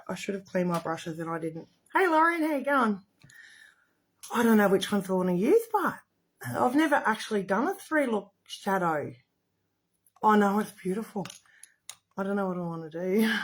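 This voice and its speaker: A middle-aged woman hosts a casual makeup livestream, talking to the camera. She chats in a rambling, effusive way. Her voice sits at a middling pitch. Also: animated, moderate pace, pauses often.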